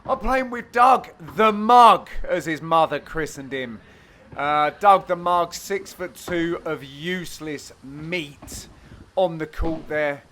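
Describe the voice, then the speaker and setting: A young man, the host, giving cheeky, self-mocking voice-over commentary on highlights of his own amateur match. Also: slow pace, pushed and bright, a little hiss or hum. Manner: cheeky, self-mocking banter with frequent laughs.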